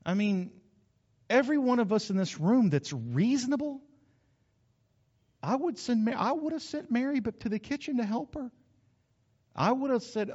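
Man, animated folksy sermon, high-pitched, muffled, long reverb. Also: normal speed, pauses often. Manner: folksy, animated, asks the congregation questions. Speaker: preacher. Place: church hall. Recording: dull sound, long hall reverb.

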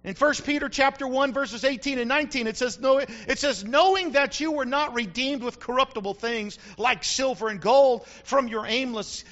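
A man's voice: very high voice, fairly bright tone. A middle-aged male pastor giving a folksy, emphatic sermon with repeated refrains. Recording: muffled lo-fi recording.

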